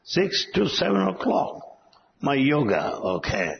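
A man's voice: fairly high pitch, huge pitch swings, a little slow, vocal fry. A man giving a spoken talk as a spiritual teacher, emphatic and full of rhetorical questions. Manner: emphatic, rhetorical questions, acts out quoted voices. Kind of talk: spoken talk on yoga and Tantra. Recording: dull lo-fi recording with long reverb.

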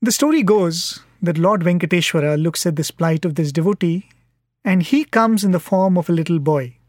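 A man's voice: high voice, normal speed, darkish tone, no room sound, studio quality. Earnest man telling a devotional story. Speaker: devotional speaker.

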